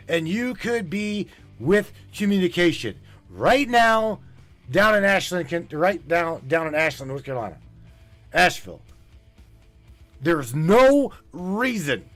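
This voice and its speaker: A man's voice: sits high, fairly bright tone. A male podcast host ranting with urgency, pleading and swearing, repeating himself as he goes. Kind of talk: impassioned livestream rant.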